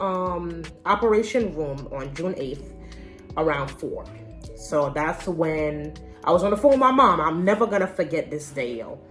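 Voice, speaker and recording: A young adult woman telling a personal story in a casual vlog, candid and slangy. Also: sits low. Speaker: vlogger.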